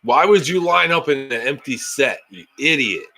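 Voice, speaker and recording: A man's voice: mid-range voice, expressive, moderate pace, pushed and bright. A man streaming a live reaction to a football game, ranting and swearing in frustration at the play calling between stretches of play-by-play. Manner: frustrated, swearing fan rants.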